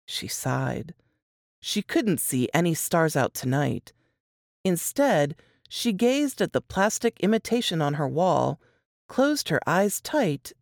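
A woman author reading her own dark fiction aloud in an expressive, measured way, on a close mic. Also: sits low, dry recording.

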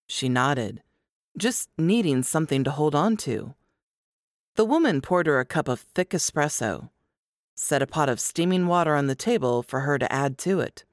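A woman reads an audiobook in a low, slow, measured voice. Her pitch moves expressively through the story, and the sound is dry and close. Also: lively intonation, vocal fry, no echo. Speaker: audiobook narrator. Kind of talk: scripted audiobook narration.

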